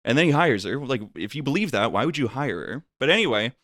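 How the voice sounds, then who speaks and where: A man casually telling a long story on a podcast, acting out the people in it with big jumps in pitch. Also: fast talker, no room sound, studio quality. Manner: animated, acts out voices with big pitch jumps. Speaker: podcast guest.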